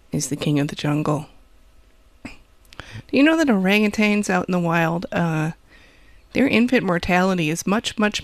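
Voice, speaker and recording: A woman's voice: on the low side, no room sound. A woman with a Wisconsin accent hosting a college radio show, rambling and joking about herself between songs. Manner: rambling, jokey, self-deprecating. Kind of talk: casual radio DJ chat.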